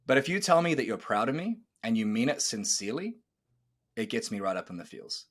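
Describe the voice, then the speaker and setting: A coach in his thirties hosts a casual podcast, his medium-pitched voice brisk and husky. He tells stories animatedly, acts out quoted dialogue, and swears.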